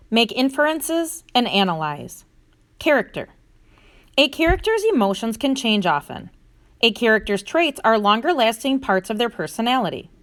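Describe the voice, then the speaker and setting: A woman teacher reads a story aloud and then walks students through a reading lesson. Her voice sits fairly high and moves around a lot, and she explains things casually with little fillers. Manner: explanatory, uses fillers like "so basically".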